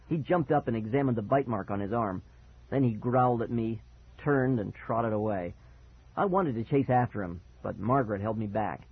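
Husky man narrating a spooky tale. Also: mid-range voice, moderate pace. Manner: expressive, dramatic storytelling. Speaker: audiobook narrator. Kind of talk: first-person story narration. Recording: dry, tinny phone-like sound.

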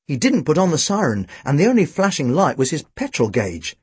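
A man narrating a storybook with a dry, wry, expressive delivery. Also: a little high, fairly quick, husky, dry recording. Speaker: audiobook reader.

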